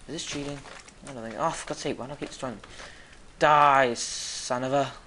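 A young gamer mutters quietly to themselves during gameplay and breaks into loud yells and shrieks at enemies. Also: medium pitch, fast talker, noisy background. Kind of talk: gameplay commentary.

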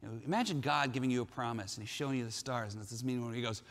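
A man preaching a sermon as pastor, telling stories in an animated way with frequent restarts. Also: medium pitch, rapid-fire, in a large hall.

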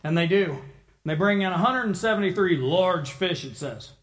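A man preaching a sermon, telling a story with lively acted-out voices for the people in it. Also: high-pitched, moderate pace.

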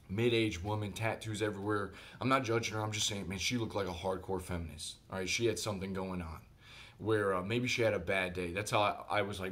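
A man telling a personal story in a casual vlog monologue, animated and conversational, speaking directly to his viewers. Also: on the low side, quick pace. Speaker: vlogger.

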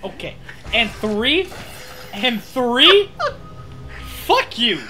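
A young co-host in casual gameplay chat, ranting with loud, profane mock outrage. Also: medium pitch, big pitch swings, very slow, husky, faint music behind. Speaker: let's play co-host.

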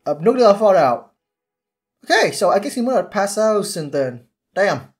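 A man giving casual commentary while watching a series, excitable and halting with many restarts. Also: high voice, faint music behind. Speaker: YouTube reactor.

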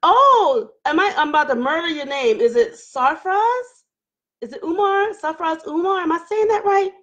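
A woman's voice: very high voice, expressive, moderate pace, fairly bright tone, highs cut off. A woman hosting a casual live-stream chat, greeting viewers by name and laughing often as she talks. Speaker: livestream host.

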